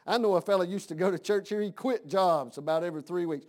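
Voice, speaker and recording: A man's voice: high voice, fast, darkish tone. A man preaching a sermon in a folksy, conversational way, asking his congregation questions.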